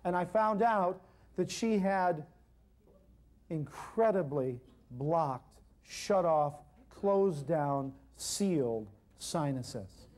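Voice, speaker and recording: A man giving an animated seminar talk, telling a story and addressing the audience directly. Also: a little high, very slow. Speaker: natural healing speaker.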